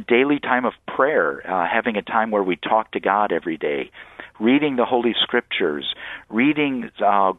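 A man, a priest, explaining faith to callers on a radio show in an earnest, halting way. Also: lowish voice, dry recording. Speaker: priest guest. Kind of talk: radio call-in teaching on faith. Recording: tinny phone line, dry.

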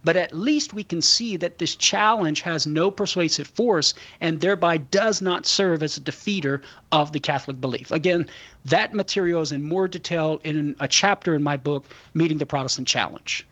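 A man as guest expert on a radio show, explaining in a measured way. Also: fairly high pitch, fairly bright tone. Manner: measured, explanatory, with short affirmations. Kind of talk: radio discussion.

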